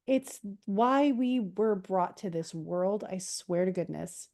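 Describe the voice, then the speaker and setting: A woman's voice: mid-range voice, expressive, slow pace, darkish tone. A young adult woman co-hosting a podcast, talking enthusiastically and emphatically about the workshops she will teach. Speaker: podcast co-host, astrology teacher. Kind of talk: casual chat, promotional pitch.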